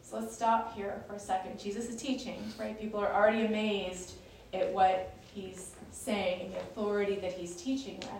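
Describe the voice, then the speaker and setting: A woman's voice: mid-range voice, flat delivery, moderate pace, few pauses, darkish tone, a little hiss or hum. A woman leading a Bible study, explaining scripture in a chatty, conversational way with frequent fillers and restarts. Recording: echoey room, distant mic.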